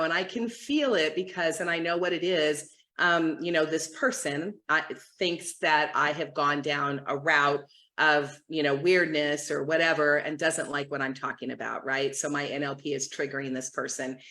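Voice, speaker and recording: A woman's voice: low voice, normal speed, few pauses. A woman in her fifties from the United States, a coach telling a funny story on a livestream with giggles, a lot of "like" and "right?". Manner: giggly and animated, lots of "like" and "right?".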